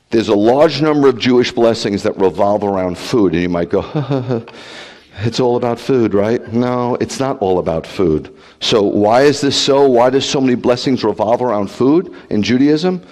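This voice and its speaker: A man preaching as a rabbi, blunt and animated, peppering the congregation with rhetorical questions and teasing jabs. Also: lowish voice. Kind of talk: livestreamed sermon. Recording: long hall reverb.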